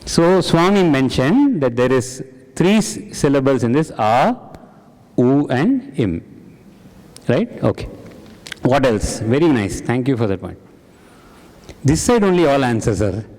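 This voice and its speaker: A man's voice: medium pitch, big pitch swings, normal speed, a little mellow. A man leading a spiritual group discussion. He quizzes the audience and repeats their answers back to them. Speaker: satsang discussion leader. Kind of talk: interactive spiritual talk. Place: hall with an audience. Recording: long hall reverb.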